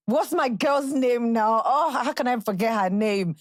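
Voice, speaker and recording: A woman's voice: mid-range voice, a little slow, hardly any pauses, darkish tone, no echo. Chatty Nigerian woman podcast host. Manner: chatty, bubbly, jumps into playful quotes and impressions. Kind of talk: casual solo podcast chat.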